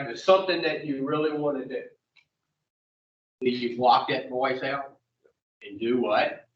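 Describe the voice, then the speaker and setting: Blunt, profane man leading recovery group. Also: mid-range voice. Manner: blunt and profane, questions listeners directly. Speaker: addiction recovery group leader. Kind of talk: blunt group teaching session. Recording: dull echoey room, mic far off.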